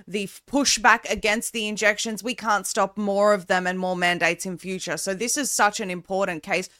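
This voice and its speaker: A woman host with a bright, ringing voice leads an online broadcast interview. Her pitch sits in the middle range for a woman. She speaks with urgent, campaigning conviction.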